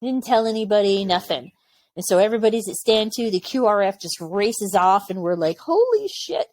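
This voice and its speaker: Fairly quick and mid-range, with no room sound, her voice carries candid stories from her past as an Army aviation medic. The woman, in her forties, is a podcast guest in a relaxed interview, mimicking others' words and laughing as she goes.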